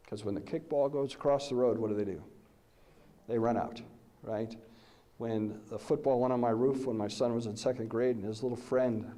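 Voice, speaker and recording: A middle-aged man giving a presentation, telling animated stories and posing questions to the audience. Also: medium pitch. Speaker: lecturer. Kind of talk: conference presentation.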